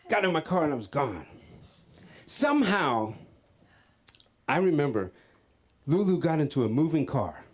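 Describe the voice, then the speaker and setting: A man's voice: a little high, big pitch swings, moderate pace, long pauses, slight background noise. A man doing a stand-up comedy set at an open mic, telling a story and acting out the voices of the people in it. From Cape Verde. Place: comedy club stage.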